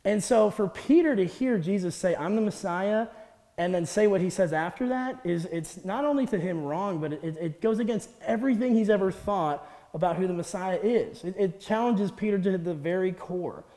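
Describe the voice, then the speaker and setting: Young guy preaching, high mellow voice, chatty and animated, lots of laughing, big echoey hall. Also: normal speed. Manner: chatty, animated, laughs often, acts out quotes. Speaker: guest speaker. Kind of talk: casual sermon. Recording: long hall reverb.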